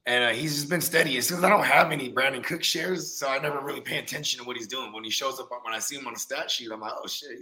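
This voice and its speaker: Male fantasy football co-host, relaxed and profane, bright forward tone, casual banter. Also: medium pitch, quick pace, hardly any pauses. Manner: laid-back, profane, says "you know what I mean" a lot. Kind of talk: casual sports chat.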